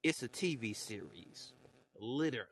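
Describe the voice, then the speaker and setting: Animated, profane man ranting. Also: medium pitch, moderate pace. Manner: animated, profane, repeats words. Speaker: podcaster. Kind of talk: casual monologue rant. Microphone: solo voice message.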